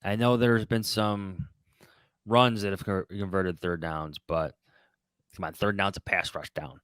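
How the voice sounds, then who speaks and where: A man's voice: low-pitched, steady tone, a little slow, fairly bright tone, clean tone, dry recording. A man co-hosting a sports podcast, asking questions and chatting casually. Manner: conversational, poses questions. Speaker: podcast co-host.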